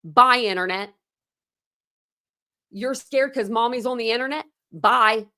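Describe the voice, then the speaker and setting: A woman hosting a true crime channel rants through heated commentary on online drama. She swears freely and keeps repeating herself as she works herself up. When she reads documents aloud, her tone slows and turns mocking. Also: a little high, pushed and bright.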